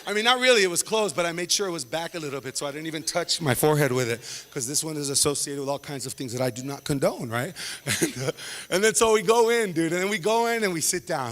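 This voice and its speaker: A man performing stand-up comedy, animated, acting out quoted voices and swinging from loud to hushed. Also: sits high, fast talker, in a large hall.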